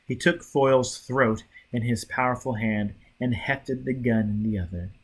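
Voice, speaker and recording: A man narrating an audiobook in a lively, dramatic reading. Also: medium pitch, normal speed, few pauses, breathy edge. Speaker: audiobook reader.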